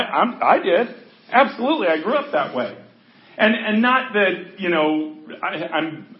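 A man pastor giving an informal, conversational sermon to a congregation, often checking in with his listeners. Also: high-pitched. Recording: echoey, dull lo-fi recording.

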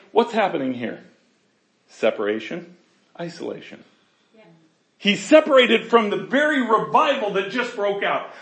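A man preaching a sermon in an animated, conversational way, often laughing and acting out voices. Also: sits high, echoey room. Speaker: pastor.

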